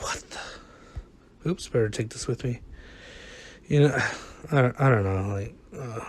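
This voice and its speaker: A man giving rambling, exasperated, self-mocking commentary over a game. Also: mid-range voice. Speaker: gaming vlogger. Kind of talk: casual gameplay commentary. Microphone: close desk mic, no camera.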